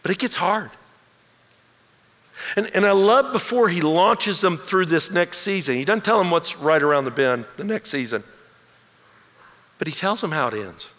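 A man preaching a sermon as pastor, animated and acting out quoted voices. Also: high-pitched, normal speed, pauses often. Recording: long hall reverb.

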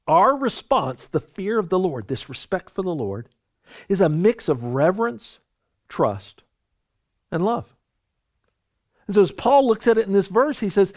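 Lively high-voiced male preacher. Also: normal speed. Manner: earnest, conversational preaching with frequent repeated words. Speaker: pastor. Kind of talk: sermon.

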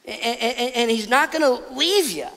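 High-voiced male pastor in a reverberant hall. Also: expressive, vocal fry. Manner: conversational storytelling, drops to soft emphatic pauses. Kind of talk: sermon.

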